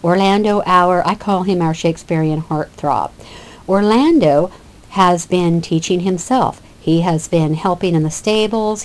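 A woman teacher giving a lecture that explains a classic play scene by scene. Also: lowish voice. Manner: explanatory, with fillers and restarts. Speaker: literature teacher.

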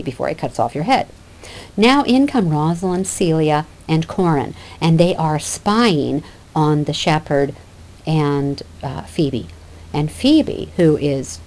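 A woman's voice: low-pitched, expressive, unhurried, darkish tone, rough recording. A woman teaching literature, reading a play aloud and explaining it in a conversational way.

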